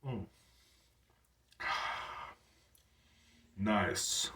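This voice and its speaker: A man's voice: extremely slow, bright, forceful tone, reverberant, distant mic, a little hiss or hum. A man in his thirties hosting a casual solo podcast, rambling and blunt, with lots of swearing. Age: 30s. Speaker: podcast host.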